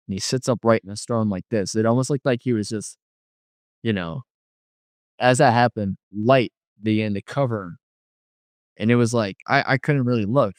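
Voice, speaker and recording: A man's voice: mid-range voice, normal speed, dry recording, clean studio sound. A young man telling a personal faith story in casual, slangy speech, acting out his own past reactions. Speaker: guest sharing his testimony.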